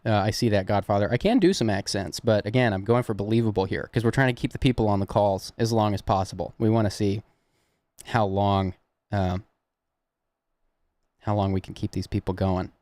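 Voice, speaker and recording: Fairly low-pitched and darkish in tone, this young man from the Southern US speaks at a brisk clip with a Southern accent. He's running a prank-call livestream, rambling and chuckling as he chats casually with viewers, recorded with no room sound.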